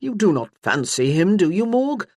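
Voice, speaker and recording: A woman's voice: medium pitch, very animated, normal speed, darkish tone, no echo, clean studio sound, voice pushed up. A woman voicing a firm, protective nobleman in an audiobook. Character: Ranulph, firm protective brother.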